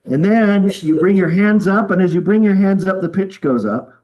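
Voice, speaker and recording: A man from the United States leading a live group workshop, relaxed and chatty, with frequent ums and okays. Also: high voice, moderate pace, highs cut off. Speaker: workshop leader. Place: room with a group of people.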